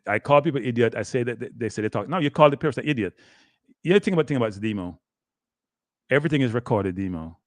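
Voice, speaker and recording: A man's voice: mid-range voice, no room sound. An older man with a Jamaican accent hosting a rambling live sports talk stream, slipping into patois and talking straight to his viewers. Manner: rambling, slips into patois, keeps addressing "people".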